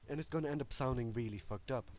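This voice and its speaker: A man's voice: medium pitch, fast talker, darkish tone. A young man hosting a let's play, reading game text aloud with casual, profane, self-mocking commentary. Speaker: gaming channel host.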